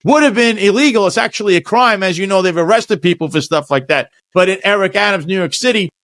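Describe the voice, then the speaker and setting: A man hosts a casual interview and rambles eagerly, restarting his sentences as he goes. His voice sits a little high. The sound is dry and close. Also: expressive, quick pace, fairly bright tone, dry recording. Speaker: podcast host.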